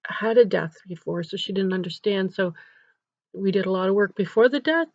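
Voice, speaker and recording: A woman's voice: medium pitch, moderate pace, a little mellow, dry recording. A woman counselor earnestly telling a story about helping a grieving child, in an instructional video. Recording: dull, dry recording.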